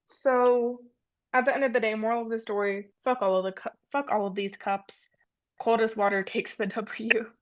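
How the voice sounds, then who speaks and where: A woman's voice: fairly high pitch, fairly even intonation, normal speed. A young woman co-hosting a casual podcast, easygoing, swearing and laughing with a friend. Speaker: podcast co-host. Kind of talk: casual chat.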